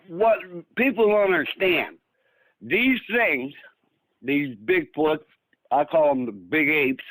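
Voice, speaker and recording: A man's voice: high voice, fairly bright tone, no room sound, poor audio. This man from Northern Michigan is about sixty and speaks in a slightly raised register. He rambles through a casual story, stumbling over restarts and acting out what others said. The room sound is dry and close. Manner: rambling, full of restarts, acts out quoted speech. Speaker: guest.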